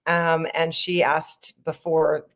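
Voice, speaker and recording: Speaking slowly in a level tone, this middle-aged woman has a deep, slightly bright voice. In a relaxed behind-the-scenes chat, she talks about creating and starring in her sketch comedy, chatty and rambling, with frequent laughter.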